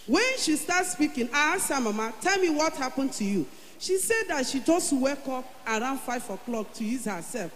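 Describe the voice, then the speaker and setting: High-voiced Nigerian woman testifying fervently. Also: animated, moderate pace. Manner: fervent, rising into loud declarations. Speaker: church member giving testimony. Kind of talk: emotional church testimony. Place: large church hall. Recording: echoey church hall, faint hum.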